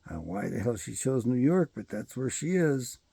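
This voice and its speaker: A man's voice: medium pitch, very animated, moderate pace, creaky, mellow, slightly rough, no room sound. A man hosting his own show, delivering a rambling, profane and emphatic solo commentary monologue. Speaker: show host.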